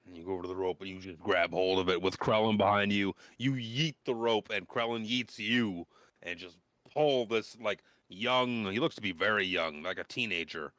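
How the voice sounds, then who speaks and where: A man's voice: fairly low pitch, moderate pace, a bit bright, dry recording. A young man running a tabletop game as game master, narrating in a loose, slangy way.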